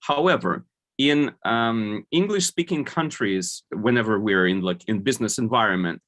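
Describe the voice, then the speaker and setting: A man's voice: fairly low pitch, animated, moderate pace, fairly bright tone. Man giving a rambling conference talk. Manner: explanatory, many fillers and restarts. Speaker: conference speaker.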